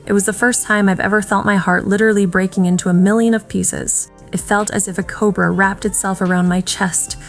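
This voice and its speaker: A woman narrates a first-person drama in an emotional, dramatic reading. Her voice sits at an ordinary pitch for a woman. Faint music plays under the narration. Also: flat delivery, fairly quick, hardly any pauses. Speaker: audiobook narrator.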